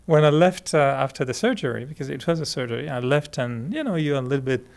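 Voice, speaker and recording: A fast-talking man with a creaky, medium-pitched voice teaches meditation to a group in an easygoing, chatty way. He is a native French speaker with a French Canadian accent, laughing frequently and beginning sentences again.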